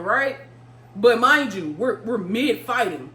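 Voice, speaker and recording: A young woman vlogger telling a story casually, animated and profane, throwing in vocal sound effects. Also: mid-range voice, unhurried. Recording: roomy room with faint hum.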